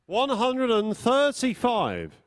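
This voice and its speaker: A man's voice: very high-pitched, huge pitch swings, slow pace, dry recording, clean studio sound. A man calling darts scores as the referee, drawing out each number in long sung calls.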